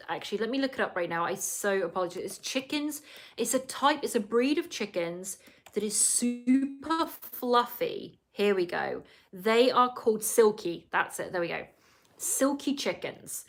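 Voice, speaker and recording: A woman's voice: mid-range voice, a bit bright. A woman hosting a casual solo podcast, recapping a reality show in a chatty, rambling way full of asides and apologies.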